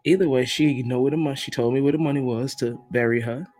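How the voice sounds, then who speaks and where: A man's voice: mid-range voice, steady tone, quick pace, darkish tone, soft background music. Joking Brooklyn man telling a story. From Brooklyn, New York. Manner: joking, chatty storytelling with laughs. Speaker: podcast host. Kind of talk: casual solo podcast monologue.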